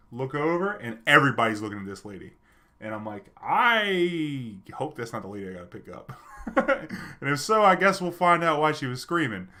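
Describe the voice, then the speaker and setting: A man with a mid-range, sharp-toned voice tells his viewers a personal story. He's a streamer and storyteller, and his delivery is loose and chatty, packed with fillers and restarts.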